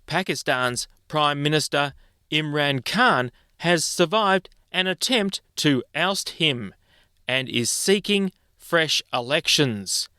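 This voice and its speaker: A male news presenter reads bulletins in a measured, clear style. His voice sits a little high for a man, and the studio sound is dry and close. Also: expressive, pushed and bright, dry recording. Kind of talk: scripted news reading. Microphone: studio microphone.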